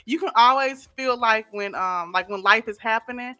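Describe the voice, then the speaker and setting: A woman's voice: on the high side, moderate pace, sharp tone, clear, resonant tone. A woman with a St. Louis accent chats emotionally with her viewers on a live stream and reads their comments aloud. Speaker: YouTuber hosting a live stream. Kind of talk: casual live-stream chat.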